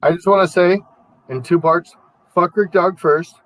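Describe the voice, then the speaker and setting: A man's voice: high-pitched, fairly even intonation, moderate pace, a bit bright, low-quality recording. A man hosting a casual radio talk show, laughing often and talking loosely and profanely. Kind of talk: casual chat.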